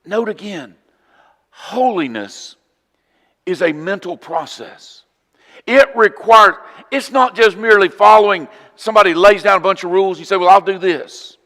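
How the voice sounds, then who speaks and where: Southern guy preaching, kinda high voice, earnest, echo hangs in the church hall. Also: lively intonation, normal speed. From southern United States. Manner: earnest, emphatic preaching with sudden drops to a quiet voice. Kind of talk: sermon. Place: church auditorium.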